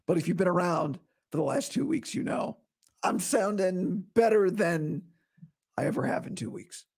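Hoarse male podcast host with a gravelly fry, blunt and opinionated, talking straight to listeners. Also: high voice, lively intonation, moderate pace, a little mellow. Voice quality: rough, breathy voice dropping into whispers. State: hoarse, recovering from vocal cord surgery. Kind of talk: casual solo podcast monologue.

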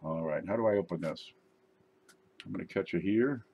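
A man's voice: low-pitched, normal speed, gravelly, darkish tone, slight background noise. A man hosting his channel, chatting casually and joking while opening mail. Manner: joking, rambling, tall tales. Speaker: YouTube channel host. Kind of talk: casual unboxing chat.

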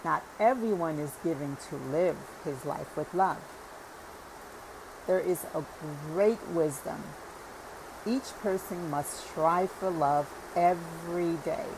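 A woman reading the part of a wise older man who speaks in measured, solemn pronouncements. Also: deep voice, noisy background. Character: thoughtful wise older man, elder brother.

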